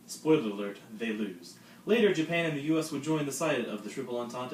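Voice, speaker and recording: A teenage boy narrating a school history project with dry, joking asides. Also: mid-range voice. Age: late teens. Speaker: student presenter. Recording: roomy, distant mic, faint noise.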